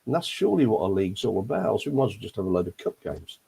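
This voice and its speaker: An older man from Leicester holds forth on a fan panel, his voice low and husky with a dark, mellow tone. He grumbles and rambles casually, filling his pauses with ums. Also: big pitch swings. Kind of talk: casual football chat.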